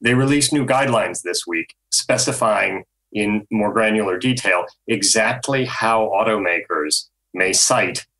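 Low bright-voiced man explaining carefully. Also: rough recording. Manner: measured, explanatory, frequent ums. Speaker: automotive journalist panelist. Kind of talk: podcast panel discussion.

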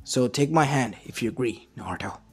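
Man doing an earnest, remorseful scientist uncle, quiet and low-key, mid pitch, soft music behind. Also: expressive, a little fast, slightly rough. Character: guilt-ridden male scientist uncle, earnest and intense. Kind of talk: fan story narration. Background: faint lo-fi music.

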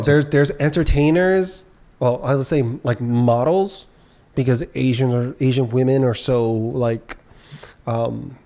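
A man hosting a casual podcast chat, asking probing questions with many halting restarts. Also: medium pitch, warm tone. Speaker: podcast host.

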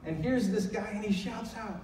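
A man's voice: high voice, moderate pace, a little mellow, reverberant, long reverb tail, distant mic, slight background noise, rough recording. A middle-aged man preaching a sermon in church, with a conversational storytelling manner that climbs into emphatic calls. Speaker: pastor. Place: church sanctuary.

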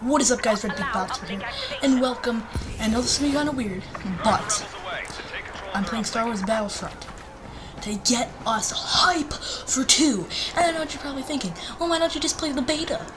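Excitable woman gamer yelping over gameplay. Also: on the high side, fast talker, very noisy. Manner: excitable, yelps and cheers mid-play. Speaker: gaming channel host. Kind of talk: casual gameplay commentary.

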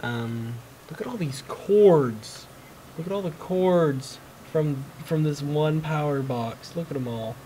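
The voice here is a man's, on the high side, warm, and unhurried. He's rambling through a casual vlog at home with his cat, frustrated and full of fillers, since his voice is giving out. Noise fills the home recording.

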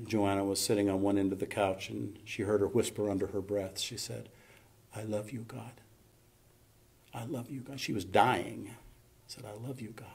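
Gravelly preacher man delivering a sermon. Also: lowish voice. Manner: folksy preaching, building to loud emphatic peaks. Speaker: pastor. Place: church sanctuary.

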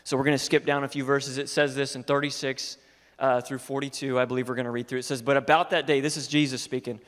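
A young adult man, a youth pastor, preaching an energetic sermon that moves from quiet, low talk to loud shouted exhortation. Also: quick pace, in a large hall. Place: church sanctuary.

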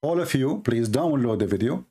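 At normal speed, a man with a dark, medium-pitched voice sounds animated as he comments live on video clips. He hosts religious commentary, indignant and emphatic, repeating words for stress.

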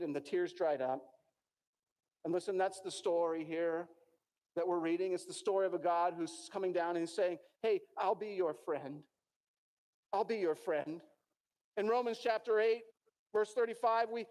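A middle-aged American pastor preaches a sermon in church, his voice high-pitched and a little mellow. He tells stories earnestly, restarting himself many times.

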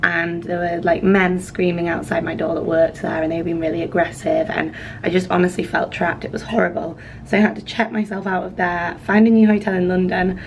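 A woman vlogger with a cold-roughened, hoarse voice, chatting to camera in a rambling, apologetic way. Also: on the low side, level tone, a little fast, few pauses, a little hiss or hum, poor audio. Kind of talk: casual vlog chat to camera.

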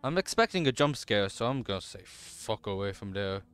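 A man's voice: on the low side, animated, moderate pace, fairly bright tone, clear, resonant tone. A man commentating as he plays a horror game, talking to himself nervously and swearing constantly. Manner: jumpy, swears constantly, nervous self-talk. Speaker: let's play gamer.

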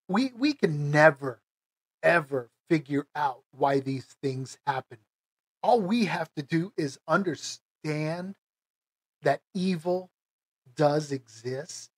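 A middle-aged man from the United States, telling a personal story in a casual, emotional, halting way, with many restarts. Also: fairly high pitch, expressive, breathy edge, no room sound. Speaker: vlogger.

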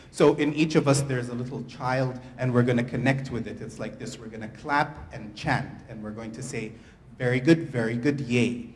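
A man leading a laughter yoga workshop for a live group, playful and coaxing, speaking into a handheld microphone. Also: medium pitch. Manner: playful, upbeat, coaxing a crowd. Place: large hall before a live audience. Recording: echoey hall, faint crowd noise.

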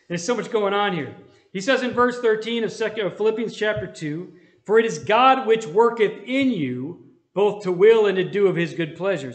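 High-voiced man teaching in an echoey church. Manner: conversational, asks the room for amens. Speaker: Bible study teacher. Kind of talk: Bible study teaching. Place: church hall.

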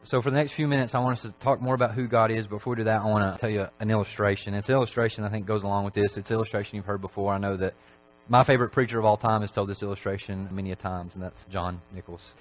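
A man preaching a Sunday evening sermon in a church, talking in a relaxed, conversational way with frequent filler phrases. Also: fairly low pitch, rapid-fire, low-quality recording.

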